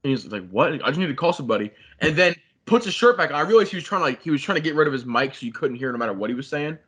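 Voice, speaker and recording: A man's voice: fairly high pitch, animated, rapid-fire, a bit bright, husky. A young man, a podcast co-host, animatedly retelling a story in casual chat, swearing a lot and saying "like" constantly.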